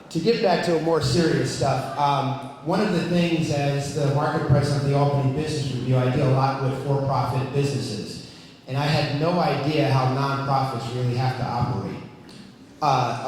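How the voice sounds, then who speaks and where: A man's voice: mid-range voice, slight background noise. A man emceeing a live event, introducing speakers in a chatty, loose way. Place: large event hall. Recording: echoey hall, mic from far off.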